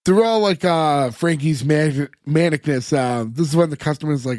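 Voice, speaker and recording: A man with a fairly high voice co-hosts a casual podcast chat, rambling through scene recaps with lots of filler words. The sound is dry and close, with no room around it. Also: brisk, few pauses, darkish tone, no echo. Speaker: podcast co-host.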